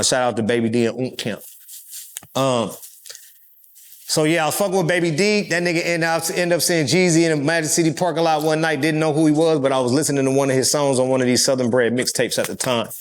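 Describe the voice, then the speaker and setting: A man from California, telling stories as an interview guest, profane and animated, acting out other people's voices. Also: on the high side, vocal fry. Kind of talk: casual storytelling.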